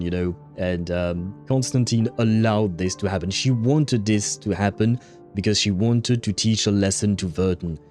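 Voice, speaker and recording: Rambling low-voiced male streamer. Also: darkish tone. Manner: rambling, many fillers, frequent laughs. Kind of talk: casual livestream chat reading viewer comments.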